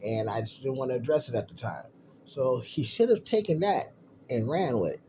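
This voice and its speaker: A man's voice: mid-range voice, expressive, normal speed, warm tone, slight background noise, low-quality recording. A middle-aged man telling a long personal story in casual, profane talk, laid-back and full of "you know what I mean.".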